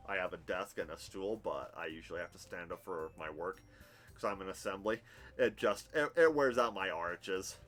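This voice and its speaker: Thirties male streamer, low, candid, rambling chat. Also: fairly bright tone. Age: 30s. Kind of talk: casual live-stream chat and game narration. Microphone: headphones with desk mic.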